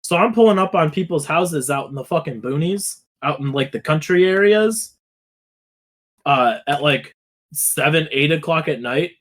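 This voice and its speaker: A man's voice: on the high side, expressive, moderate pace, a bit bright. A young man co-hosting a podcast, telling rambling, profane stories that drift into rants. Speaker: podcast co-host. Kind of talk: casual chat.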